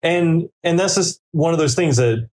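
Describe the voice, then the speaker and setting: A man's voice: a little high, moderate pace, darkish tone. A man on an interview podcast giving career advice in a casual, rambling way, full of fillers and acted-out quotes of what people say to themselves. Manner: rambling, filler-heavy, acts out quoted inner dialogue.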